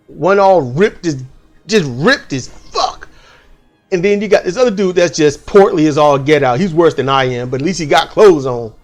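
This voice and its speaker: A man tells a dream story at home in a high, very lively voice that jumps all over his range. He talks casually and swears freely. Faint music plays underneath. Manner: animated, swearing, acts out voices. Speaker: channel host.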